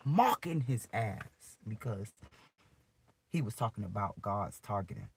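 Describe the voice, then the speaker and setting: A man's voice: mid-range voice, very animated, normal speed, fairly bright tone, breathy edge. A man ranting in a preachy, profane way on a live video, recorded on his phone outdoors on a street. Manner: preachy, profane, agitated rant. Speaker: vlogger.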